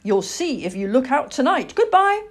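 A bubbly little boy full of excitement, voiced by a woman reading a storybook. He chatters eagerly, the pitch bouncing up and down, with a husky, breathy edge. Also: moderate pace, exaggerated voice. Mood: excited.

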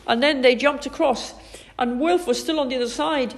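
A woman reading a children's storybook aloud, expressive and animated. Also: on the high side, normal speed. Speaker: narrator.

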